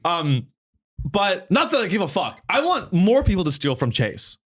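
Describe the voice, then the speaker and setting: Animated, profane male comedian host. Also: high-pitched, moderate pace. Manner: animated, profane, rambling with mocking impressions. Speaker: podcast host. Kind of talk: casual comedic podcast chat.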